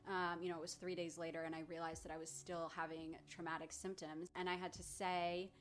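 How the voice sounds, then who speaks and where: A woman therapist recounting a personal story to her followers, candid and emotional, with pauses and restarts. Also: fairly low pitch, level tone. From Southern California.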